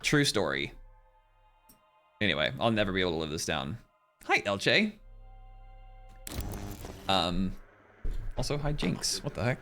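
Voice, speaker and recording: A man's voice: sits low, a little slow, pauses often, soft background music. A man live-streaming a game, chatting animatedly with his viewers and laughing often. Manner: animated and laughing, talks to chat. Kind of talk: live-streamed gameplay chat.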